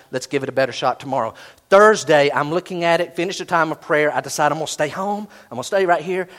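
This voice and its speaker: A middle-aged man preaching a sermon, animated, swinging from loud bursts to hushed asides. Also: high-pitched. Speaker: pastor.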